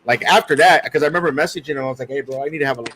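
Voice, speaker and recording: A man's voice: mid-range voice, very fast, background noise. Laid-back male podcast co-host. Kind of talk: casual chat.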